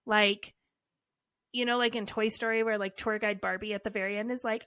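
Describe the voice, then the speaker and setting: Woman on a podcast, kinda high voice, dry close sound, blunt and animated storytelling. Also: moderate pace, no room sound. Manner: frank, animated storytelling with wry asides. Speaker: podcast co-host. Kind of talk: candid casual conversation.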